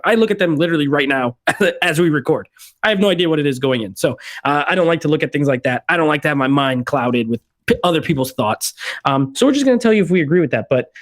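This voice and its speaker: A young man hosting a movie review podcast, chatty and opinionated, often laughing into his words. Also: fairly high pitch. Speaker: podcast host. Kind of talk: casual movie review chat.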